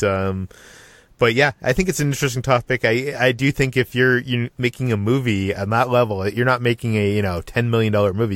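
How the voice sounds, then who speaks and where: A man's voice: lowish voice, a bit bright, dry recording. Rambling American man hosting a podcast. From United States. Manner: rambling, self-interrupting. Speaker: podcast host. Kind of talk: casual podcast discussion.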